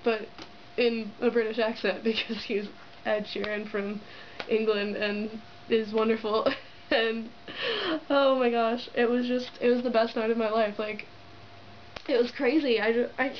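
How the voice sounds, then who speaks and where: A woman's voice: on the high side, fairly even intonation, unhurried. Giddy, giggly young woman vlogging. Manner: giddy, giggly, gushing, lots of "like" fillers. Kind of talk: excited casual storytelling to camera. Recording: dull lo-fi camera audio with faint hiss.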